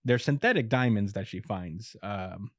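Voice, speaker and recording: A man's voice: fairly low pitch, animated, moderate pace, dry recording. Guy on a podcast mic just chilling and recapping stuff, chuckles a lot, dry sound. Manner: laid-back retelling with chuckles and filler words. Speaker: podcast host. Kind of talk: casual episode recap.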